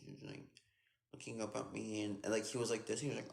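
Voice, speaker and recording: A man's voice: fairly low pitch, normal speed, creaky. Chatty young man reading live comments. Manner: chatty, playful, trails off mid-thought. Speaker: dancer hosting an Instagram live. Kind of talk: casual chat reading comments.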